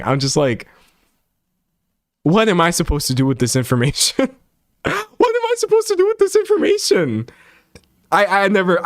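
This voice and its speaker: A man's voice: mid-range voice, no echo, clean studio sound. A young man live streaming, chatting casually as he reacts to viewer comments, rambling and self-mocking, with frequent laughter.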